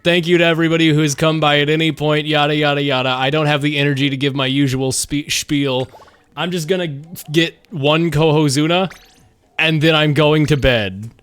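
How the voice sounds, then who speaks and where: A man's voice: a little high, steady tone, normal speed, a bit bright, smooth, no echo. A worn-out man live-streaming a game, rambling casually to chat and swearing often. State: exhausted.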